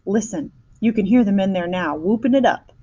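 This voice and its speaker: A woman voicing a brisk, eccentric male chocolate maker who hurries everyone along, reading a storybook aloud. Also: medium pitch, warm tone, husky, lo-fi sound, lightly acted. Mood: brisk cheer.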